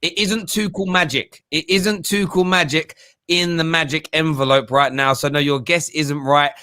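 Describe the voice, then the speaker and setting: A man hosting a casual football chat, joking and telling stories in an animated way. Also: fairly high pitch, moderate pace, smooth, no room sound, studio quality. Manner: animated, jokey storytelling. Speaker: host.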